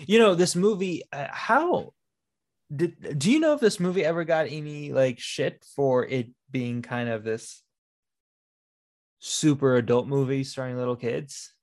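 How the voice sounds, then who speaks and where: A man's voice: mid-range voice, unhurried. A man co-hosting a podcast, talking casually about a film, telling stories and swearing with a rambling flow. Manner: rambling, swears, tells anecdotes. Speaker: podcast co-host. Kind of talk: casual movie discussion.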